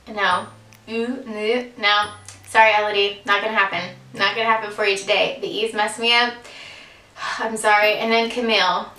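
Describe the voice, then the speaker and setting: A woman in her twenties telling a story in a casual vlog, chatty and giggly and quick to poke fun at herself. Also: mid-range voice, sharp tone, reverberant, recorded from a distance, rough recording. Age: 20s. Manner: chatty, giggly, self-deprecating, lots of fillers. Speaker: vlogger.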